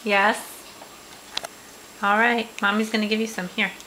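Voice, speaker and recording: Bright slow coaxing mother. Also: medium pitch, level tone, a little hiss or hum, low-quality recording. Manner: coaxing, slow and encouraging, with repeated praise. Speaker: mother filming her toddler. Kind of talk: home video talking to a small child.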